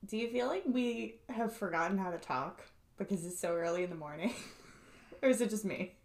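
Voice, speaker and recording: A woman's voice: mid-range voice, brisk, gravelly, roomy sound. A young woman co-hosting a podcast in casual chat, giggly and teasing. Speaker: podcast co-host.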